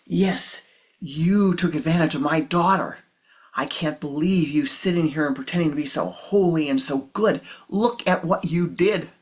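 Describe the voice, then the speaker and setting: A spiritual teacher voicing an angry grandfather who shouts accusations at a monk during a sermon story. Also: medium pitch, a little slow, lightly acted. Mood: furious.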